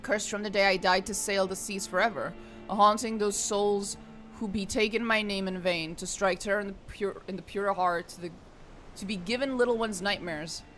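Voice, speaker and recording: A woman's voice: mid-range voice, fairly even intonation, normal speed, a bit bright, faint music behind, natural voice. A woman voicing a menacing old male ghost pirate in a game, in a theatrical put-on pirate voice that drifts toward a drawl. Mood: brooding.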